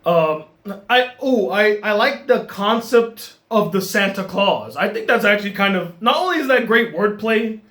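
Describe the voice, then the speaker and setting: High-voiced man reviewing a film. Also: normal speed. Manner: animated, laughing, frequent restarts. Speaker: movie reviewer.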